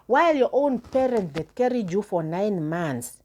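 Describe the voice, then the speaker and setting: Earnest woman with a husky, mellow voice. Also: medium pitch, very animated, normal speed. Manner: earnest, emphatic, repeats words for stress. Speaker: vlogger addressing viewers. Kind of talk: impassioned moral address to camera.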